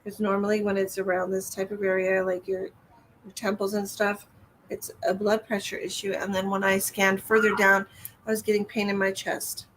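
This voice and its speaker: A woman's voice: mid-range voice, completely flat delivery, normal speed, fairly bright tone. Woman doing live psychic readings on stream, soothing, says hun and honey, mid voice, faint hiss behind. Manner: soothing, calls viewers hun and honey, reads comments aloud.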